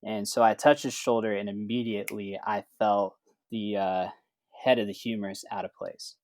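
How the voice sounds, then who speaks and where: Low-voiced man telling a story. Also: normal speed, no echo. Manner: relaxed, acts out quoted dialogue with lots of fillers. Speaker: certified athletic trainer. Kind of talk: casual storytelling.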